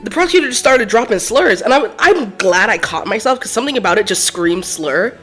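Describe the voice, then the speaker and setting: A woman streaming a game, chatting casually in animated, profane banter and laughing often. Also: mid-range voice, fairly quick, over loud music. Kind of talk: casual let's-play chat.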